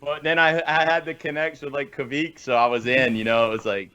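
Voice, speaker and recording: A man's voice: a little high, flat delivery, fairly quick, pushed and bright, clear, resonant tone, lo-fi sound. A man from Florida telling chatty stories in a casual podcast chat. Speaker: podcast host.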